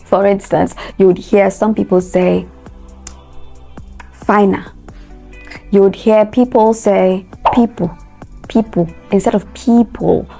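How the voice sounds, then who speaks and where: A woman teaches English pronunciation with a warm, dark tone and a noticeable vocal fry. She spells each word out letter by letter, repeats it slowly, and asks listeners to say it after her. Soft music plays faintly behind her. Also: medium pitch, steady tone. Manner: instructive, spells words out letter by letter and repeats them. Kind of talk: pronunciation lesson.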